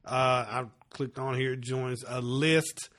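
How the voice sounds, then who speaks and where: A man's voice: medium pitch, steady tone, a little slow, a bit bright. A man hosting a sports podcast, running through topics in a loose, casual way. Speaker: podcast co-host.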